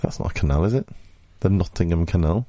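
Deep-voiced radio co-host man. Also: expressive, dark tone. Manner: curious, quick to laugh. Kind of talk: casual radio banter. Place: radio studio.

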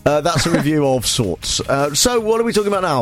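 A man's voice: a little high, big pitch swings, fairly quick, faint music behind. A man presenting a talk radio show, bantering playfully and laughing often in the studio.

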